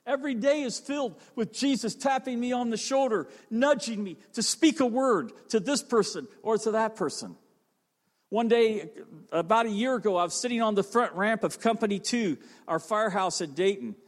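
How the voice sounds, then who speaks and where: Fervent high-voiced man preaching in a hall. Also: moderate pace. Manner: fervent, storytelling, repeats phrases for emphasis. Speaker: fire chief and chaplain preaching. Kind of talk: sermon. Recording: long reverb of a large hall.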